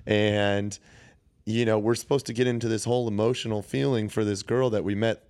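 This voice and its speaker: Calm, low-voiced man. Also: a little fast. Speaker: podcast co-host. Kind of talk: casual movie chat.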